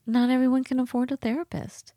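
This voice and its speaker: A woman's voice: high voice, level tone, quick pace, warm tone, no echo, studio quality. A woman co-hosting a podcast in casual chat, talking in a chatty, frank way and thinking aloud. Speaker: podcast co-host.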